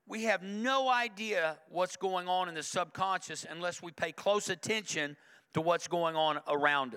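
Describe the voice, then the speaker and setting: A man delivers a sermon from a church pulpit, talking with his congregation in an easy, conversational way. His voice sits fairly high for a man and rings bright and forceful. He presses each point by repeating it. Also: clean tone, big-room sound. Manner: conversational, emphatic preaching with repetition. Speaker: pastor. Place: church sanctuary.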